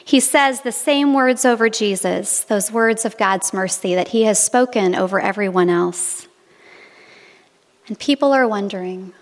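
A woman's voice: medium pitch, moderate pace, big-room sound. A woman preacher delivering a sermon, telling stories in a reflective way. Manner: reflective storytelling. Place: monastery.

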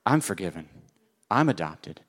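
A man preaching a sermon, earnest, moving between soft and emphatic delivery. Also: deep voice, big pitch swings, normal speed.

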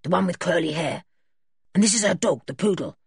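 A male kidnapper who speaks in a low, hurried voice and gives quick orders, as a woman reads his part. The voice is husky and close, recorded in a dry room. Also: expressive, no room sound, exaggerated voice. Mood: urgent.

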